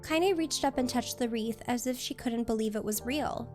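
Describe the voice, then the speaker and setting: High-voiced woman reading a novel aloud. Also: normal speed, faint music behind. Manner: steady storybook narration. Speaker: streamer.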